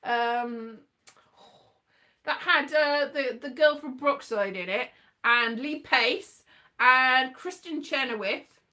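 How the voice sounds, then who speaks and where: A woman's voice: sits high, takes it slowly, pushed and bright. A woman rambling through a solo chat, wandering and thinking aloud as she goes. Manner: chatty, wandering, thinks aloud, breaks into sing-song.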